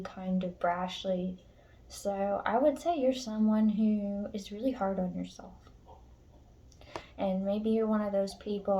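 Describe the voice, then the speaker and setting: A woman's voice: mid-range voice, dark tone. A woman tarot reader speaking casually and emotionally to her viewers, frank and earnest, swearing now and then. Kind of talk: casual spiritual pep talk to viewers.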